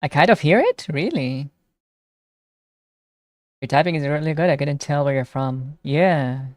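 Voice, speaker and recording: A young woman live streamer chatting casually with her viewers, reading their messages aloud and reacting excitedly. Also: low-pitched, unhurried, no echo, studio quality. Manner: chatty, reads chat aloud and answers it, excitable.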